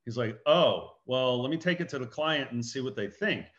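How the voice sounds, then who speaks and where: A man giving an animated business talk as a guest speaker, acting out dialogue and anecdotes. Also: mid-range voice, brisk, dull audio.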